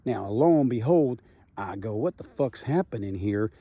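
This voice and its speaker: Husky profane storyteller man. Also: mid-range voice, normal speed, dry recording. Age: middle-aged. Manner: animated, profane, frequent "right?" tags. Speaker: comedian telling a personal story. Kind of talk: casual storytelling.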